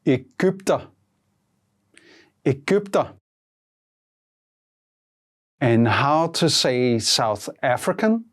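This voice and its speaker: Slow, measured language-lesson voice. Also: medium pitch, expressive. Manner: slow, measured prompts, repeating each word twice. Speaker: language teacher.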